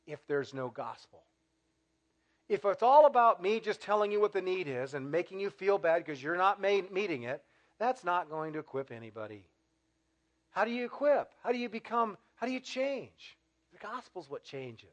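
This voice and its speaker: A male pastor preaching a sermon in an animated way, building emphasis through repetition and adding wry humor. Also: high-pitched, moderate pace.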